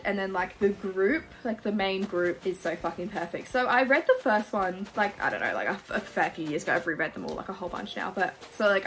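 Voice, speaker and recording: Gushing, sweary young Australian woman. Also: mid-range voice. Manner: gushing, sweary and animated, full of fillers. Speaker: YouTuber. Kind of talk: casual Q&A chat while playing a game. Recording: music playing behind.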